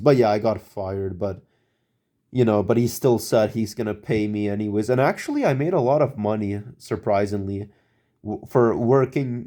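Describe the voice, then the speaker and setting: Mellow-voiced rambling male storyteller. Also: fairly low pitch. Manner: rambling, hesitant, many fillers and restarts. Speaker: vlogger telling a story. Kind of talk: casual storytelling.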